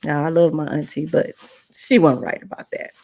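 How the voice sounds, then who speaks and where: Woman host telling her own story, earnest and chatty, kinda gravelly voice, dry sound. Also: low voice, little pitch movement, moderate pace, mellow, no echo. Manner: earnest, conversational, retelling with quoted dialogue. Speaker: podcast host. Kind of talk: personal testimony storytelling.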